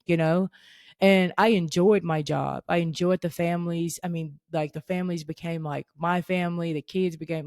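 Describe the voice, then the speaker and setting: A woman's voice: lowish voice, a little mellow, dry recording, studio quality. A young woman hosting a faith podcast, talking earnestly and casually, often restarting and saying "like". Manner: earnest, conversational, with frequent "like" and restarts. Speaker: podcast host.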